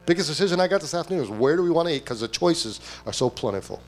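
Animated male preacher mid-sermon. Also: fairly high pitch, rapid-fire, few pauses, soft background music. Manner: animated preaching, acting out quoted voices; fires off rhetorical questions. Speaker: pastor. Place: church service.

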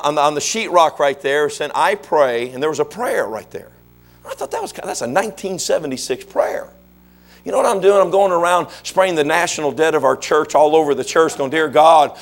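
A middle-aged male pastor preaching a sermon, asking the congregation questions and building to shouted, animated passages. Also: a little high.

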